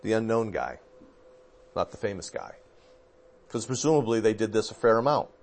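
A man's voice: lowish voice, moderate pace, creaky, slight background noise. A man, a pastor, talking through theology in a casual discussion, rambling a little and correcting himself as he remembers. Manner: relaxed, rambling, with fillers and self-corrections.

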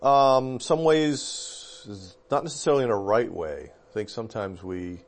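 A man's voice: medium pitch, unhurried. A man, a pastor, talking through theology in a casual discussion, rambling a little and correcting himself as he remembers. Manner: relaxed, rambling, with fillers and self-corrections.

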